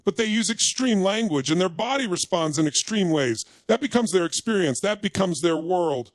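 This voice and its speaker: High-voiced man giving an emphatic pep talk. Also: expressive, moderate pace, dry recording. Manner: emphatic, punchy short declarations. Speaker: motivational speaker. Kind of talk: motivational speech.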